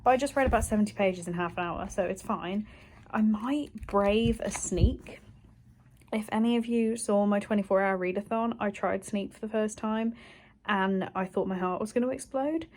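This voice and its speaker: A woman's voice: mid-range voice, darkish tone, slight background noise. Chatty young woman vlogging. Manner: chatty and candid, with quick rambling asides. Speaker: book vlogger. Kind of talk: casual vlog chat. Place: at home, partly from bed.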